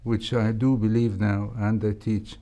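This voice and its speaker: An older man with an Egyptian accent tells stories from his years in surgery, unhurried and thoughtful. His voice is low and mellow, and he pauses often with soft hesitations. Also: little pitch movement, vocal fry. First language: Arabic. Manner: slow, measured, with frequent hesitations. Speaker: interview guest, heart surgeon. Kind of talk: reflective interview storytelling.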